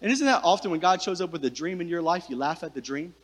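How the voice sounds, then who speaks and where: A man's voice: fairly high pitch, lively intonation, quick pace, in a large hall. A male pastor preaching a sermon, talking conversationally and directly to his congregation in a church sanctuary.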